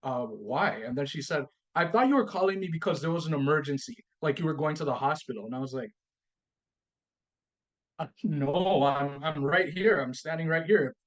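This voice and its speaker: Animated man telling a personal story. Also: a little high, moderate pace, muffled recording. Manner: animated storytelling, acts out both sides of a dialogue; repeats himself and restarts often. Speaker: podcast guest.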